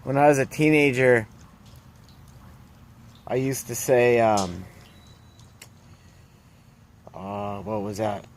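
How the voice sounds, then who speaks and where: A man's voice: mid-range voice, fairly even intonation, slow pace, long pauses, a little hiss or hum. A man ranting in a casual vlog, blunt and profane, rambling through his complaints. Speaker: vlogger.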